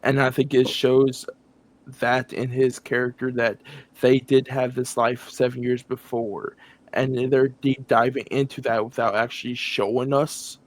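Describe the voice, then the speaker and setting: A man's voice: medium pitch, measured pace. A man co-hosting a podcast, casually reviewing a film and acting out its scenes with laughter. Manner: animated retelling, acts out scenes with laughs. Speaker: podcast co-host. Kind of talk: casual movie review chat.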